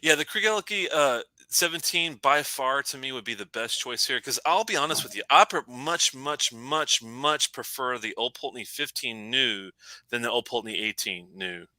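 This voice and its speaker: A man's voice: mid-range voice, lively intonation, normal speed, sharp tone, dry recording, rough recording. A man hosting a casual whisky chat, laughing often and restarting his sentences. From Louisville, Kentucky. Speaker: whisky show host.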